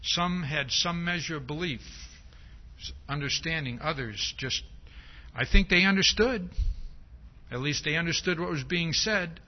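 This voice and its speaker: Guy preaching a sermon in a fairly high voice, emphatic, acts out the quotes, kinda dull old recording. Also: a little slow. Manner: frequent rhetorical "see?".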